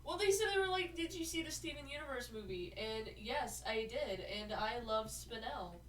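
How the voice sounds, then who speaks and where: A woman co-hosting a live stream, chatting casually and gushing excitedly as she chimes in. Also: on the high side, moderate pace, distant mic, low-quality recording. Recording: off-mic with faint background noise.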